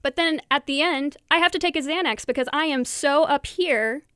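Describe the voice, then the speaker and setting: Woman hosting a podcast, a bit high, candid and laughy, dry mic. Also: bright, forceful tone, no echo. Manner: candid, quick, laughs often. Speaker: podcast host. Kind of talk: casual chat.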